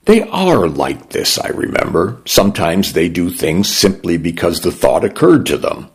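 A man narrating a first-person story in a measured, gentle, reflective way. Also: sits low, breathy edge.

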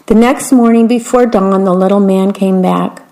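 A woman reading a children's story aloud, gentle and unhurried, adding her own asides. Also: medium pitch, steady tone, rough recording.

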